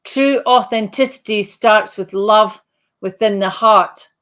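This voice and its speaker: A woman's voice: mid-range voice, a bit bright. Woman medium, live streamed reading, searching delivery, many restarts, talks straight to the sitter. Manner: halting, repeats and restarts phrases while searching; addresses sitters directly by name. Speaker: psychic medium.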